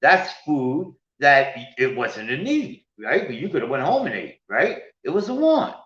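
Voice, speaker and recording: A man giving a finance lecture from slides, often calling out to "ladies and gentlemen" and checking in with "right?". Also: mid-range voice, a little slow. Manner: animated, keeps addressing "ladies and gentlemen" and asking "right?". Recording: echoey room, dull lo-fi sound.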